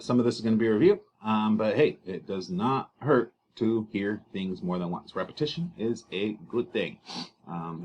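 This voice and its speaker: A man's voice: on the low side, slight background noise. A man, an English teacher, giving a casual recorded slideshow lesson with joking asides and many fillers.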